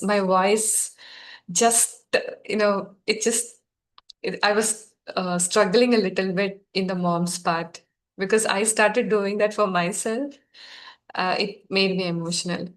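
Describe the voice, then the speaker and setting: A woman facilitating a guided healing session, speaking softly, gently and encouragingly to her group. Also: medium pitch, fairly even intonation, takes it slowly.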